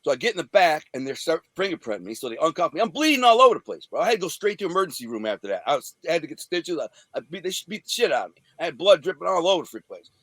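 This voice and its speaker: Brief: streetwise man, slightly high voice, dry close sound, profane storyteller. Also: sing-song, rapid-fire, hardly any pauses, a bit bright, dry recording. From Detroit area, USA. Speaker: interview guest. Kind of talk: storytelling about his past.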